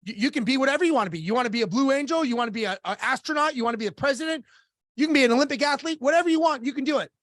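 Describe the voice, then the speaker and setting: Animated male storyteller, dry sound. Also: extremely high pitch, rapid-fire, dry recording. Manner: animated, acts out dialogue, swears casually. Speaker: podcast guest, business coach. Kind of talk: storytelling in a podcast interview.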